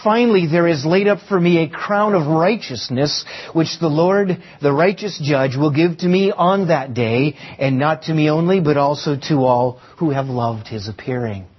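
A man's voice: on the high side, normal speed, hardly any pauses, slightly rough. A man preaching a sermon to a congregation in church, asking them rhetorical questions and repeating key phrases for emphasis. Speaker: pastor. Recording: dull lo-fi sound.

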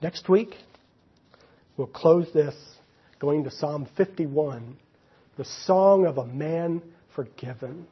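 A man with a very husky, breathy voice delivers a sermon, pitched a little high. He pushes hard on key lines, then drops almost to a whisper. The recording sounds dull and lo-fi. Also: slow, long pauses. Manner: dynamic preaching, swings from loud emphasis to near-whispered softness. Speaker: pastor.

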